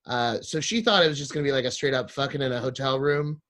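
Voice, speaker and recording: A man's voice: medium pitch, quick pace, fairly bright tone. A man, a podcast guest, telling a crude comic story with lots of swearing and acting out other people's lines.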